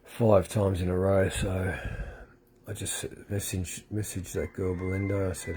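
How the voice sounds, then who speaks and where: A man's voice: low voice, little pitch movement, a little slow, mellow, slight background noise. A man, rambling emotionally through a personal faith testimony in a vlog, often repeating himself and welling up. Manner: emotional, repetitive, tearful at times. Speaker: vlogger.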